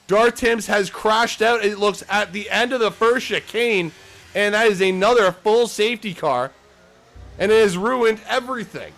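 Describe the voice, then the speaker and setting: A man's voice: high-pitched, normal speed, a bit bright. A man giving casual, joking live commentary on a sim race, swearing freely as he calls the action.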